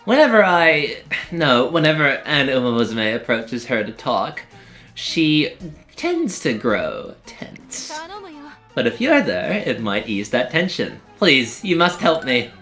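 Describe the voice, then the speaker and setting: A man's voice: medium pitch, very animated, slow pace, sharp tone, faint music behind, exaggerated voice. A man voicing an eccentric, smug young female scientist, reading game dialogue with theatrical, formal phrasing. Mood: conspiratorial.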